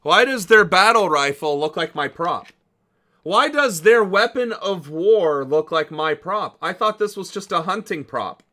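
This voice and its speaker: A man riffing on a political livestream in loose commentary. His voice sits slightly high and rings bright and forceful. He is sarcastic and incredulous and swears freely. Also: lively intonation, unhurried.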